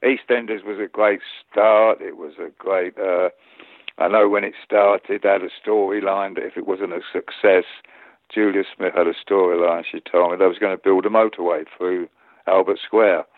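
An older man with an East London accent, a guest telling rambling stories with an animated, chuckling manner. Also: low-pitched, normal speed, no echo. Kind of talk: anecdotal interview chat. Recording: tinny phone-like line.

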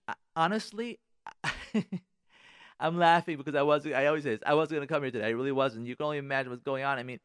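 A man hosting a radio talk show as a rabbi, talking in an animated, repetitive way that keeps restarting sentences, in a studio. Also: a little high, clean tone, dry recording.

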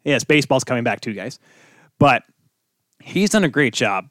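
Young male host, mid-pitched, dry close sound, rambling and jokey. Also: sing-song, moderate pace, fairly bright tone, no echo. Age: young adult. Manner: rambling, self-interrupting, jokey asides. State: tired from little sleep. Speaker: podcast host. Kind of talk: casual solo sports talk.

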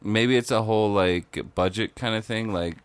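A man's voice: lowish voice, moderate pace, smooth, dry recording. A man co-hosting a casual podcast, laid-back and giggly, often trailing off mid-thought. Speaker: podcast co-host. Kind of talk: casual horror news chat.

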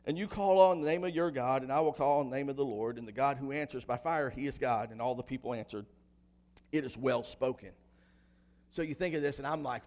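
A man preaching a sermon in a church, moving from quiet reading of scripture to loud, shouted preaching. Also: medium pitch, a little fast.

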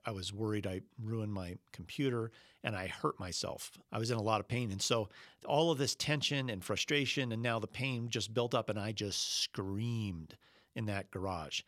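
A middle-aged man preaching a sermon, telling a personal story earnestly and slowing down when he quotes Jesus. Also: on the low side, a bit bright, dry recording, studio quality. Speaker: pastor.

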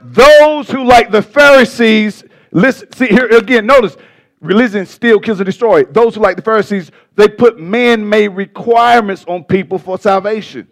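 A male pastor preaching a sermon with passion, stumbling over words and swinging between loud bursts and soft asides. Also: high voice, normal speed.

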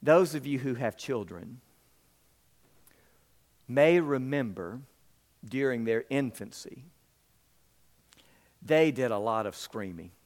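A man's voice: medium pitch, animated, slow, pauses often, darkish tone. A man preaching a sermon as pastor, emphatic and repetitive, acting out the people in the story.

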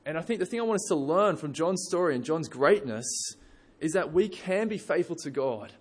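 A man preaching a sermon in a relaxed, conversational way with casual asides. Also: on the high side, brisk, husky.

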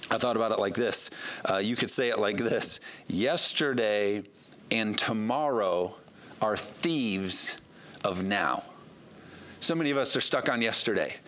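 A man's voice: fairly low pitch, normal speed, a bit bright. A pastor preaching a sermon to his congregation in an earnest, conversational way, reading scripture aloud as he goes.

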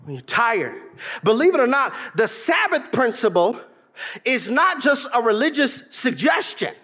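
A man preaching a sermon, mixing humor and mimicry with sudden shouts. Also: extremely high pitch, very animated, measured pace. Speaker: pastor.

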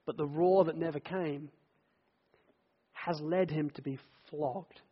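A man's voice: fairly high pitch, fairly even intonation, slow, husky. A man preaching a sermon in a church, telling the story vividly and earnestly. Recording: dull echoey church hall.

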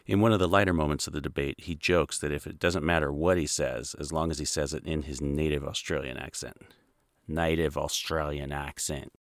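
A man's voice: extremely low pitch, fairly even intonation, quick pace, hardly any pauses, no echo, clean studio sound. A man narrating a video essay with wry, sardonic asides. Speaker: commentator.

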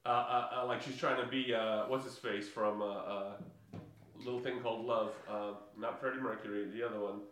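A man's voice: lowish voice, fairly even intonation, moderate pace, a bit bright, recorded from a distance. A man recaps a movie in loose podcast chat, full of fillers, restarts and laughter. He sits away from the mic, and the room rings with heavy echo. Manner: rambling, many fillers and restarts, laughs often. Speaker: podcast co-host.

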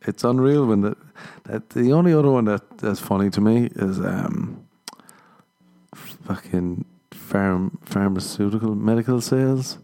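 A comedian and podcast host tells stories in a casual monologue, his voice on the low side, a little slow and dark in tone. He swears freely, laughs at his own jokes and does other people's voices.

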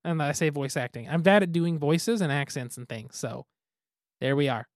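A man's voice: on the high side, moderate pace, no echo, studio quality. A man co-hosting a podcast in casual chat, easygoing and self-deprecating, laughing often. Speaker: podcast co-host.

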